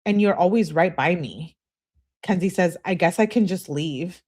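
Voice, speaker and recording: A woman with a somewhat low-pitched voice hosts a true crime channel. She reads text messages aloud one by one and breaks off to chat casually with her viewers about them. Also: normal speed, a little mellow. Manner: chatty, talks straight to her viewers. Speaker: true crime commentary host.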